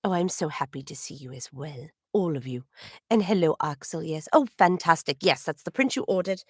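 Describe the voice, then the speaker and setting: A woman's voice: low voice, lively intonation, normal speed, no room sound, clean studio sound. A woman voice actor chatting politely with viewers on a livestream while she draws, with slightly formal wording and little laughs. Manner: chatty, with frequent little laughs and throat clearing. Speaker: voice actor hosting a livestream signing. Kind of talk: casual livestream chat.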